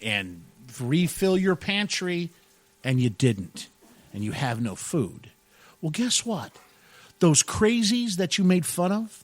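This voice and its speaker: A man co-hosting a casual radio talk show, excitable and jokey, laughing often and peppering his talk with "dude" and "man". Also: fairly high pitch, no room sound. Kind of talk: casual podcast banter.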